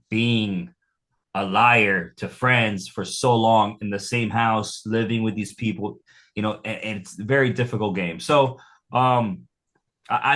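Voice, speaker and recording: A young man, a firefighter guest on a podcast, telling stories in a blunt, lively way. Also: on the low side. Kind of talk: casual chat.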